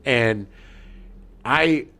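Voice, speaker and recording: A man's voice: medium pitch, extremely slow, gravelly, sharp tone. A middle-aged man co-hosting a podcast, gushing over character actors in casual chat. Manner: enthusiastic, jumps into silly put-on accents. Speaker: podcast co-host.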